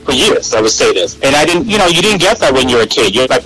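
A man guest telling animated stories in a casual interview, acting out what people said. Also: medium pitch, fast, low-quality recording. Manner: animated, acts out quoted voices, frequent restarts. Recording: radio interview with loud music and crowd behind.

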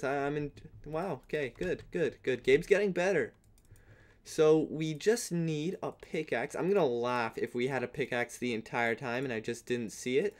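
A young man commenting on his own Minecraft game, swinging from hushed mutters to loud, excited yelling. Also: a little high. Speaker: gaming channel host.

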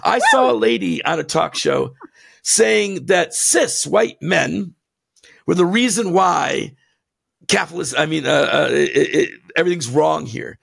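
A man co-hosting a podcast who rants in a heated, blunt way, laughing between his jabs, with a gravelly voice. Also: on the high side, animated, measured pace, fairly bright tone. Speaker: podcast co-host. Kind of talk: impassioned ranting podcast talk.

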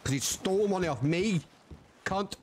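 A man's voice: sits high, normal speed, slight background noise. A man streaming a western roleplay, talking in a folksy drawl, swearing and joking as his character. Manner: drawling folksy cowboy talk, swearing, laughing at himself.

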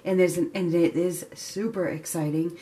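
Excitable woman doing a tarot reading. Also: on the low side, moderate pace. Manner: excitable, laughing, chatty with fillers. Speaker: tarot reader.

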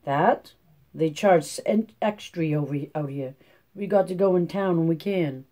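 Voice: medium pitch, measured pace, mellow, natural voice. Tom for an audiobook: hungry young farmhand, few words, drawled, read by the narrator. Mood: plain. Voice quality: folksy rural drawl. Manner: laconic.

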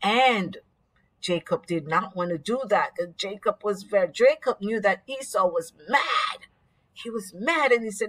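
Husky, animated woman telling kids a Bible story. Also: medium pitch, unhurried. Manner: expressive, asks the children questions. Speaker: vacation Bible school teacher.

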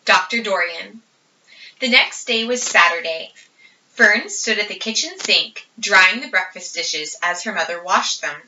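A woman's voice: medium pitch, unhurried, a little hiss or hum. Woman reading a children's storybook aloud. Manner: steady, expressive narration. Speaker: audiobook reader. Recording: roomy, distant, dull audio.

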